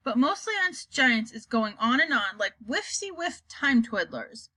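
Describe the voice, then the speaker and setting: A woman's voice: fairly high pitch, very animated, measured pace, sharp tone, no echo, exaggerated voice. A woman voicing a very old, kindly male giant who jumbles his words, in a storybook reading. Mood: wistful. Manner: jumbled grammar, delighted, playful.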